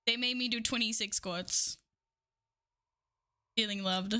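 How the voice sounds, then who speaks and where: A woman's voice: on the high side, steady tone, slow pace, pushed and bright, clean tone. A young woman streaming, chatting casually with her viewers, giggling often, swearing freely and out of breath. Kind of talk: casual live-stream chat.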